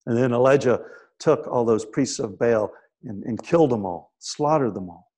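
A man preaching a sermon, telling scripture stories in a conversational way with frequent "right?" asides, and dropping to a hushed voice for quiet moments. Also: medium pitch, animated, moderate pace.

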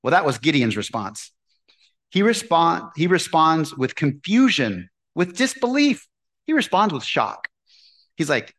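A man preaching a sermon in an animated way, asking his listeners questions and answering them. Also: on the high side, unhurried. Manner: animated, asks the congregation questions. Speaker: pastor.

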